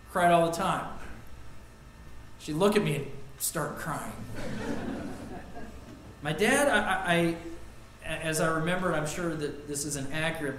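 A middle-aged male pastor preaching a sermon, earnest, rising loud on lists and dropping soft for personal stories. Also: on the high side, slight background noise. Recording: echoey church room.

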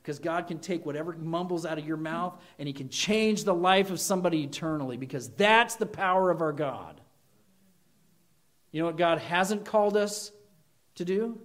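A man preaching a sermon, animated and emphatic, acting out quoted voices. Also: a little high, normal speed. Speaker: pastor.

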